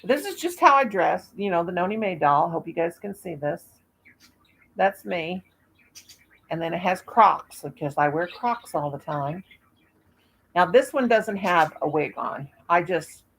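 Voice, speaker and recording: A woman's voice: on the low side, gravelly, husky. A woman in her fifties hosting a casual live stream, rambling in a folksy way and laughing at herself. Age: 50s.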